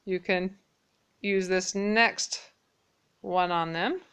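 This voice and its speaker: A woman teaching a casual Mandarin lesson, patiently repeating phrases slowly and clearly. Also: fairly low pitch, fairly bright tone. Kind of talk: casual spoken language lesson.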